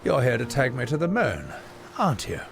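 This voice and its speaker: A man voicing a frail dying old man in a video game playthrough, with soft, hesitant, old-fashioned politeness. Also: medium pitch, very animated, brisk, vocal fry, a little hiss or hum. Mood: wistful. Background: game music.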